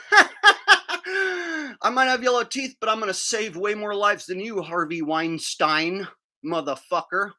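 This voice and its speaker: Dude ranting on his stream, bright edgy voice, swings all over, cussing. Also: high voice. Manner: combative, crude, ranting; talks while chewing food. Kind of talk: profane livestream rant.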